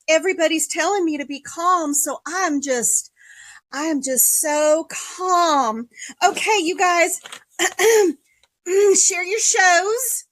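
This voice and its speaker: A woman hosting a casual livestream sale from a basement, talking in a mock-calm, sarcastic way with sighs and throat-clearing. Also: high voice, takes it slowly, no echo. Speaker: livestream seller and host. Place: home basement room.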